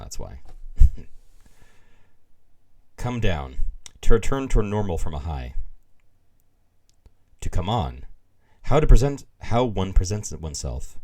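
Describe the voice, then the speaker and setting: A man's voice: low-pitched, a little mellow. A man reading glossary entries aloud on a live stream, adding wry, amused asides.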